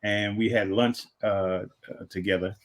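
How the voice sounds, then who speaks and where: A man hosting a podcast, answering in slow, quiet, halting replies. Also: on the low side, steady tone. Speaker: podcast host. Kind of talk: casual interview chat.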